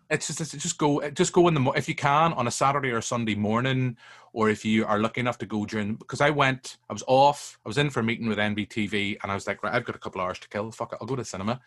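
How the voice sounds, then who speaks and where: A man, telling stories as a guest in a casual film chat, animated and sweary. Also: medium pitch, fairly quick.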